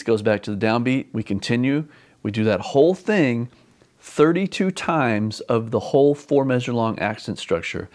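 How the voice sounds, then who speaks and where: A man's voice: mid-range voice, darkish tone. Patient man teaching a drum exercise. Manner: patient, repeats instructions, counts beats aloud. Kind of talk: instructional lesson.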